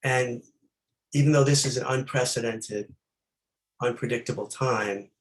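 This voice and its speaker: Guy giving a meditation talk, mid pitched, thoughtful, lots of soft questions and little pauses. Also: fairly even intonation, slight background noise, low-quality recording. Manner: reflective, asking many gentle questions, with pauses. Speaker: meditation teacher.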